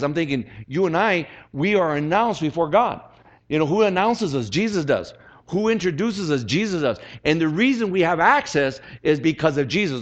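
Chatty preacher man, dull recording. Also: a little high. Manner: conversational, keeps asking the congregation "right?"; reads scripture slowly and emphatically. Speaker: pastor. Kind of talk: sermon.

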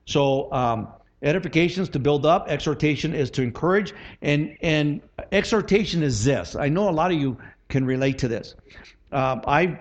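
A man's voice: on the high side, lively intonation, moderate pace, lo-fi sound. A middle-aged male pastor preaching a sermon in a conversational way, often asking the congregation "right?" and acting out quotes.

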